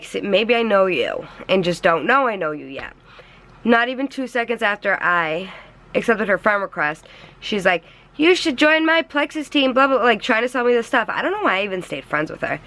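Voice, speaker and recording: A young woman with a bright, forceful voice retells a quarrel to her camera. She is animated, sarcastic and exasperated, with her pitch sitting in an ordinary middle range for a woman. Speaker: vlogger. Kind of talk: casual storytelling to camera.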